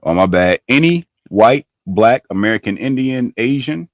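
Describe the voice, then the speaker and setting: A man's voice: mid-range voice, lively intonation, normal speed. A man hosting a podcast, running a playful dating quiz with friends over a video call, teasing and using loose slang. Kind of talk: casual group chat on a video call.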